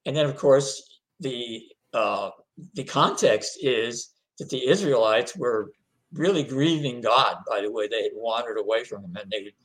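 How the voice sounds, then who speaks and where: An older man, an author being interviewed, telling his story in a halting way with frequent repeated words. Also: medium pitch, a bit bright, rough recording. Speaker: author guest.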